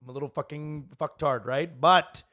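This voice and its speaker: Un uomo, co-conduttore di un podcast comico, che chiacchiera in modo rilassato e volgare e ogni tanto imita altre voci. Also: male voice, a little high, steady tone, bright, forceful tone. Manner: loose, crude and joking, slips into quick impressions. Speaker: podcast co-host, comedian. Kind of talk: casual comedic banter. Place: podcast studio in New York.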